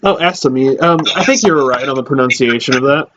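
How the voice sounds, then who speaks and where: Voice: mid-range voice, quick pace, muffled recording, background noise. A podcast co-host in casual chat, chiming in with short reactions and jokes.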